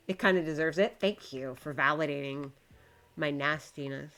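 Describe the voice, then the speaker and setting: A woman's voice: deep voice, moderate pace, fairly bright tone. A woman streaming live, chatting casually to her viewers and to the game while she builds, swearing when it frustrates her.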